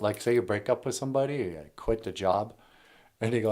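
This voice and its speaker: A man's voice: on the low side, a little fast, a little mellow. A man hosting a casual, jokey language lesson, talking plainly with playful asides. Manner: playful, jokey, slips between plain talk and silly bits. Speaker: language teacher and show host.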